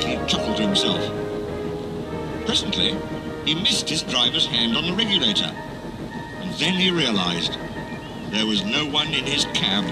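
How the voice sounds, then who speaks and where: A man reading a children's railway story aloud as narrator, with expressive, animated storytelling. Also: medium pitch, normal speed, pauses often, poor audio. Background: music.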